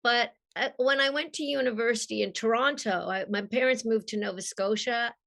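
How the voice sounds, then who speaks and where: A woman from Australia with a mid-Atlantic accent and a husky voice, an animated storyteller who laughs often, chatting as a guest on a video call. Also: fairly high pitch, brisk. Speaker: guest voice actress. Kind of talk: casual interview.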